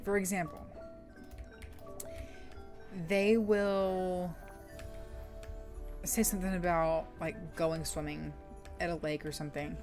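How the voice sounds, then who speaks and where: Young woman streamer, lower voice, chatty rambler. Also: little pitch movement, takes it slowly, long pauses, darkish tone, faint music behind. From southern United States. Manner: chatty, rambling storyteller with frequent fillers. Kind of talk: casual chat while gaming.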